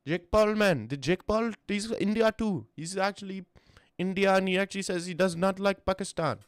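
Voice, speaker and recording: A man's voice: high-pitched, normal speed, smooth, dry recording, clean studio sound, pitched above the performer's own voice, natural voice. A man putting on the voice of an exasperated man who keeps protesting about his name. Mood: indignant. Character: indignant man insisting on his roots.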